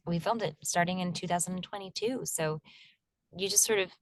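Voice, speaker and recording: A woman's voice: lowish voice, moderate pace, dry recording. Chatty young woman, dry close sound. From Virginia, USA. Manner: chatty, laughs often, acts out quoted voices. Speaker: actor, guest. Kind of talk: casual interview chat.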